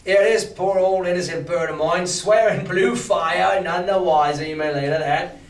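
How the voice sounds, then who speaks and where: A male teacher puts on a sly, hearty old pirate ship's cook who leans on every word in a slow, chummy drawl. The voice sits somewhat high. It is caught from a distance in an echoey classroom. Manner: slow, drawn-out, chummy sea-dog talk. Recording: roomy classroom from far off.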